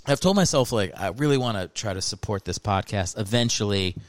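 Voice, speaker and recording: A man's voice: on the low side, animated, a little fast, no room sound. A man in his thirties hosting a podcast, talking in a rambling, jokey, casual way full of fillers. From American South and New Jersey. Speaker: podcast host. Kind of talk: casual comedic monologue.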